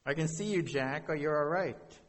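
A man puts on the voice of God, patient and reassuring. It carries a wry calm. The husky voice rings in a reverberant hall. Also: fairly high pitch, normal speed, lightly acted.

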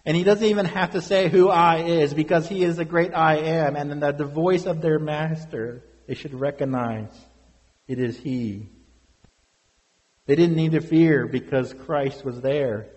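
A man's voice: a little high, unhurried, darkish tone, long reverb tail, low-quality recording. A man preaching a sermon as pastor, earnest and full of rhetorical questions to the congregation.

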